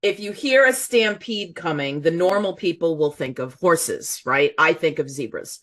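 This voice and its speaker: A woman co-hosting a casual podcast chat, firing off quick witty quips. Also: low voice, fairly bright tone.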